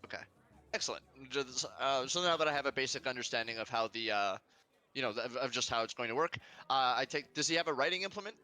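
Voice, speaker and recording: A man's voice: mid-range voice, fast talker, pushed and bright. A man playing a tabletop role-playing game, describing his character's actions and thinking aloud. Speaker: player.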